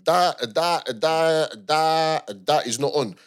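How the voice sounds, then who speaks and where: A young man chats on a podcast. He tells the story in an animated way, acts out what people said, and repeats his words as he goes. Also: on the high side, takes it slowly, smooth. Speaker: podcast co-host. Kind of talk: casual chat.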